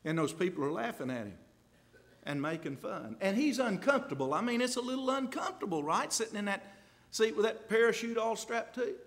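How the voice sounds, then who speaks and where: A man preaching with real fire, his voice sitting high and leaping all over the place. He talks straight to the congregation in a folksy way. He drops to hushed asides, then builds to loud, ringing peaks. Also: lively intonation, fairly quick. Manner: impassioned, swings from hushed to loud climaxes. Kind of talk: sermon.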